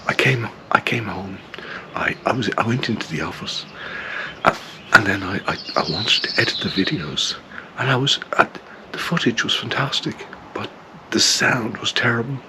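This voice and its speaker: An Irish man talking casually to camera in a hushed whisper, rambling and chatty, outdoors in a garden at dawn. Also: fairly low pitch, normal speed, noisy background. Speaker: motorcycle vlogger.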